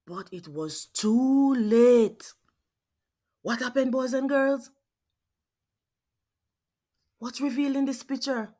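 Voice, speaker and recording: A woman reading a picture book aloud to children, asking her young listeners questions as she goes. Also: high voice. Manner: slow, expressive, asks questions of listeners. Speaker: children's read-aloud host.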